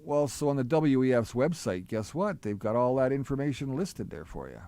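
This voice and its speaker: A man co-hosting a talk show, agreeable and wry with quick quips. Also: mid-range voice, animated, dark tone, smooth. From Canada. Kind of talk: casual talk show discussion.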